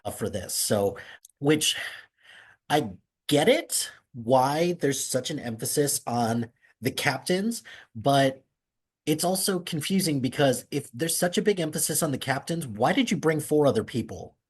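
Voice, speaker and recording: A man hosting a casual podcast chat over an internet call, rambling and relaxed with many restarts. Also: fairly high pitch, measured pace, breathy edge. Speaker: podcast host. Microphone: remote call over internet.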